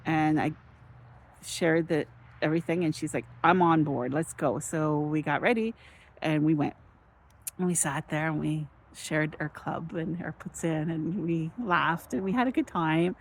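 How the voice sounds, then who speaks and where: A woman vlogging casually, telling a story with animated, excited bursts and then slowing into reflective spiritual musing. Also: deep voice, a little hiss or hum.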